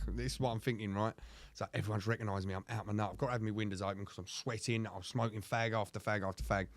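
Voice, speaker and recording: A man with an Essex accent tells a rowdy story on a podcast, swearing freely and laughing at himself. His voice sits low and the sound is close and dry. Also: fairly even intonation, fast, no echo. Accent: Essex English. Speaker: podcast co-host. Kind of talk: casual storytelling chat.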